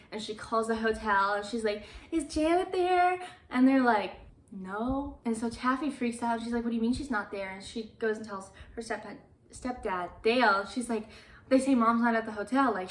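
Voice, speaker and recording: A woman's voice: on the high side, a little hiss or hum. A woman retelling a film's plot in a casual, chatty way, quoting the characters as she goes. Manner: chatty, quotes characters with "she's like", laughs now and then. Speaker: movie recap vlogger. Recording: roomy echo.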